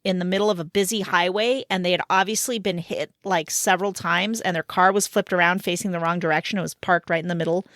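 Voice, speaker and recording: A woman in her thirties co-hosting a casual podcast, an animated storyteller who laughs mid-sentence. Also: on the low side, quick pace, few pauses, dry recording, studio quality. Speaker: podcast co-host. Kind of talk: casual chat.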